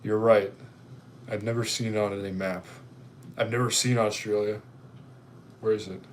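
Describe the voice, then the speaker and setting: A man's voice: on the low side, level tone, normal speed, a little hiss or hum. A man hosting a live stream, rambling and chatty as he reacts to viewers. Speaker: livestream host. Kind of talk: casual live-stream chat.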